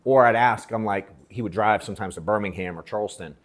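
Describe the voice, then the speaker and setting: A man holding forth to a workshop crowd with a loose, slangy storytelling style, swearing freely. He acts out what people said to him with animated quotes. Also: lowish voice, quick pace. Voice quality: slangy and profane, animated retelling with acted quotes. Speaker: sales coach speaking at a workshop. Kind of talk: casual storytelling to a live audience. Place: event room at an in-person workshop.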